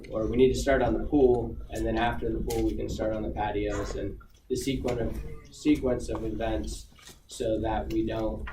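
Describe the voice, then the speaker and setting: A man speaking as a guest to students in a casual, rambling way, full of fillers and restarts. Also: fairly low pitch. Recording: echoey room, far from the mic, noisy.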